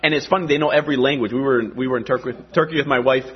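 A man's voice: mid-range voice, fairly even intonation, rapid-fire, slightly rough, dull audio. A man preaching a sermon, talking in a conversational way and dropping in dramatic asides. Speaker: pastor.

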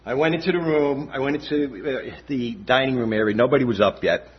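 In a dull lo-fi recording, an older man shares a personal testimony at a church gathering. His mid-range voice is a little fast with a breathy edge, and he talks conversationally, frequently checking in with "all right?"

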